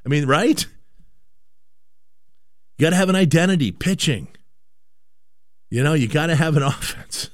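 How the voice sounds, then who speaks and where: A man's voice: fairly high pitch, very animated, moderate pace, long pauses, no room sound, studio quality. A man hosting a sports radio show, delivering an opinionated monologue full of emphatic rhetorical questions and stammered restarts.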